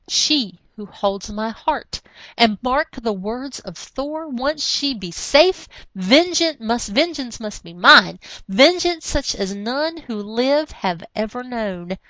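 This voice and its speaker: Proud archaic thunder god, read by a woman; formal, fairly high, dry close sound. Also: expressive, takes it slowly, bright, forceful tone, no echo, full character voice, poor audio. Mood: vengeful. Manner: old-fashioned formal speech.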